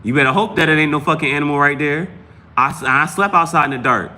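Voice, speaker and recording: Bright-voiced man ranting profanely. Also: fairly high pitch, fast. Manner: profane, rambling, emphatic; repeats and restarts phrases. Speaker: host of a live tarot stream. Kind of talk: casual live-stream talk.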